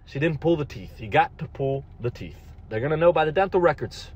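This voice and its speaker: A man telling a profane comic rant to camera, animated and cursing freely. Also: a little high, fairly quick, slightly rough. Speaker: comedian.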